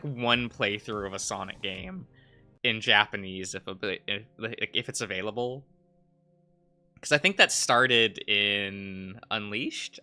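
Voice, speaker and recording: A man's voice: mid-range voice, bright, forceful tone. A male streamer chatting casually while drawing on a livestream, rambling, laughing often, trailing off and humming to himself.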